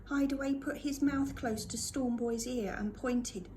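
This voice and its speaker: A woman reading a storybook aloud to a school class with expressive delivery. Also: on the high side, a little slow, slight background noise.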